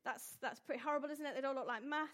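Chatty high-voiced woman addressing an audience. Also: quick pace, fairly bright tone. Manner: chatty, jokey, asks the audience questions. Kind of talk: informal talk to a live audience.

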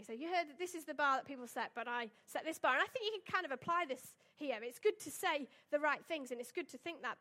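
A young woman preaching in a casual, conversational way, her voice sitting high. She tells stories and keeps checking in with tag questions, with plenty of ums along the way. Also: a bit bright. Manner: chatty, storytelling, with tag questions and fillers. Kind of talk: casual sermon.

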